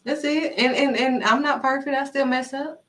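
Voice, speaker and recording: A woman giving a casual inspirational faith talk as a vlogger, animated and acting out dialogue as she speaks. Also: high-pitched, moderate pace, far from the mic, low-quality recording. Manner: animated, acts out quoted dialogue.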